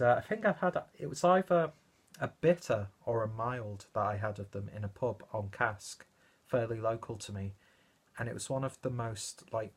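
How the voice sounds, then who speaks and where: A young man reviewing a beer in a casual, rambling vlog, full of ums and asides. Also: medium pitch. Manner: rambling, self-deprecating, many ums and uhs.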